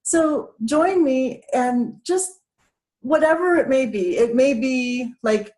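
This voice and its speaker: A woman's voice: sits high, lively intonation, takes it slowly, a little mellow. A woman speaker guiding a laughter exercise, upbeat, breaking into laughter and cheers. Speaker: self-care speaker.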